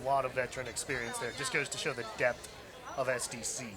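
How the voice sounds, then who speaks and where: A man doing live race commentary outdoors, reading lineups and calling the action brisk. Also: mid-range voice, level tone. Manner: reads team lineups, brisk play-by-play. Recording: outdoor crowd noise.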